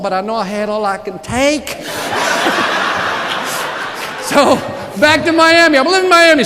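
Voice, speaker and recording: A man giving a live motivational sales keynote, telling stories with sudden loud outbursts. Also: extremely high pitch. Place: large conference hall with audience. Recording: reverberant hall, audience noise.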